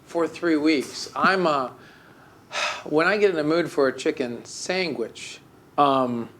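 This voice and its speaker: A man's voice: a little high, slow pace, fairly bright tone. Rambling male podcast co-host. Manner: rambling, with many fillers and restarts; mock-melancholy storytelling. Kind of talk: casual chat.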